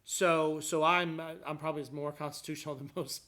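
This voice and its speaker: A man in casual conversation with a somewhat high voice. He rambles with frequent restarts and builds to emphatic points. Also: level tone, normal speed, bright, forceful tone. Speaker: guest describing his court hearing.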